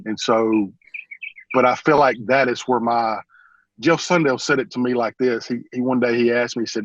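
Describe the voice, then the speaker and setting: A man, a church pastor, talks earnestly in a relaxed interview, wandering through his story and fighting back tears. His voice is husky and a bit breathy. It is recorded dry and dull, lo-fi. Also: medium pitch, moderate pace, no room sound. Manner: rambling, earnest, often says "man". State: emotional, holding back tears. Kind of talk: casual interview talk.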